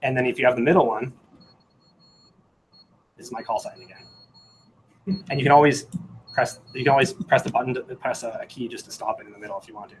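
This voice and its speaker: A man's voice: medium pitch, brisk, long pauses, slight background noise, low-quality recording. Rambling man giving a hands-on tech talk. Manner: rambling, many fillers and self-corrections, sings out Morse rhythms. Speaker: meetup presenter. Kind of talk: casual technical talk with live demo. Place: meetup room.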